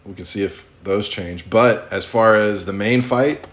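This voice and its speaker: A man's voice: fairly low pitch, measured pace, fairly bright tone. A man co-hosting a casual podcast, rambling with plenty of ums and restarts. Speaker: podcast co-host.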